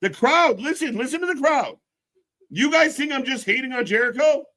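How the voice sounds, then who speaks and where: A man hosting a live wrestling watch-along stream, talking in casual, sarcastic and profane commentary, jumping between shouts and low mutters. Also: lively intonation, normal speed.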